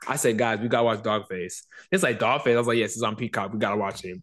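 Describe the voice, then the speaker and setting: A man's voice: fairly low pitch, quick pace. A man hosting a podcast, telling stories animatedly in casual conversation. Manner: animated storytelling, swearing. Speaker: podcast host.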